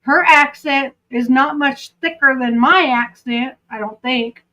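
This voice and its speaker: A woman's voice: high voice, measured pace, bright, forceful tone, low-quality recording. A woman with a Southern accent giving casual true crime commentary, chatty and often breaking off to aside. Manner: chatty, self-interrupting.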